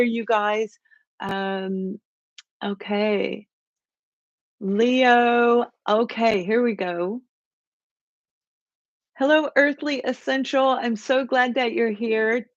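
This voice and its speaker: A woman hosting a live tarot stream, chatty and animated, greeting viewers by name as she reads the cards. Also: medium pitch, no echo, dull audio. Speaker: tarot reader hosting a livestream.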